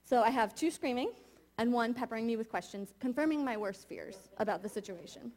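Woman in her thirties, higher voice, honest confessional sermon storytelling. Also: a little fast, a little mellow. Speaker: preacher. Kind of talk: sermon told as a personal story.

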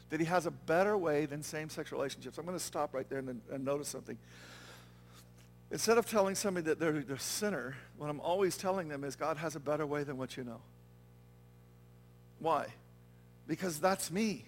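In a church, a male pastor with a fairly high voice delivers a brisk sermon, earnest and conversational. He keeps checking in with the congregation through frequent "okay?" and "right?", and there's a slight hiss or hum.

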